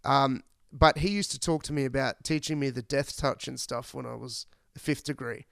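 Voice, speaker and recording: A podcast host telling rambling, profane stories in casual chat. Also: male voice, mid-range voice, steady tone, normal speed, vocal fry, dry recording, clean studio sound. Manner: rambling, profane, laid-back.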